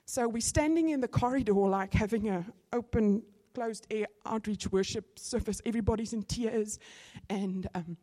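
A middle-aged woman tells a church story with lively storytelling. She slips easily into sudden bursts of excitement. Her pitch sits in a middle range for a woman. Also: moderate pace. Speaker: speaker giving testimony. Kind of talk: sermon testimony.

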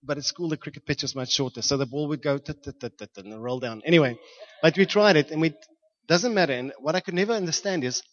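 A man from Johannesburg, preaching a storytelling sermon and acting out shouts and sound effects with frequent laughter. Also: a little high, quick pace, muffled recording. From South Africa, Johannesburg.

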